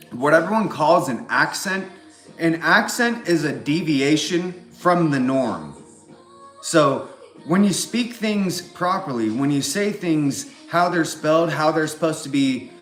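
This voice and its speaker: A man's voice: medium pitch, a bit bright. A man from California with a Californian accent, talking in a rambling, profane monologue that keeps circling back on filler phrases. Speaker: vlogger. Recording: roomy echo.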